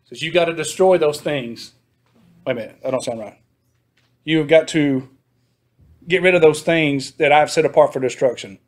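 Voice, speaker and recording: A man's voice: on the high side, normal speed, long pauses. A man teaching a Sunday school class, reading scripture and retelling it in a chatty way, laughing often and asking the class questions. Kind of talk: casual Bible teaching.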